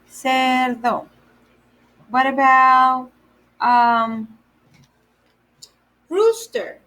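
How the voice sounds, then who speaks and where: A woman gives a children's lesson at an unhurried pace, with a voice sitting a little above the usual range. She repeats every word and spells it out letter by letter. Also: fairly high pitch, fairly bright tone. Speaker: day camp Spanish teacher. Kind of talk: slow, patient lesson for children.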